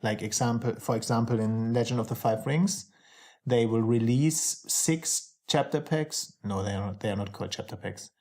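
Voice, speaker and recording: A man's voice: medium pitch, normal speed, darkish tone. Chuckling man co-hosting a podcast. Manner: laughs often, hesitant phrasing. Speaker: podcast co-host. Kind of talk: casual chat about card games.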